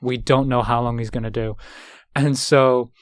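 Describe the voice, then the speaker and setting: A young man in his twenties with an English accent, chatting as a guest and telling anecdotes with loud, laughing impressions of the people he met. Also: mid-range voice, normal speed, no room sound, clean studio sound. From England. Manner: animated, acts out quotes loudly with laughter. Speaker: actor guest. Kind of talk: casual storytelling chat.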